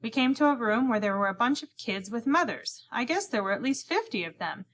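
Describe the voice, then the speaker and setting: A woman narrates an audiobook of a children's novel in a slightly high, very animated, somewhat bright voice, keeping a brisk pace. The scripted reading is told as a young boy speaking in the first person, and she performs each of the other characters' lines.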